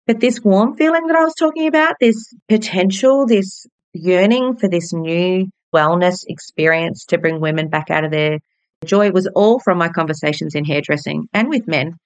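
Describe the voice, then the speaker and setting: A woman's voice: lowish voice, normal speed, no echo. An Australian woman in her forties, a hairdresser hosting her own podcast, telling personal stories in a bubbly, candid way with casual swearing. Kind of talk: personal storytelling monologue.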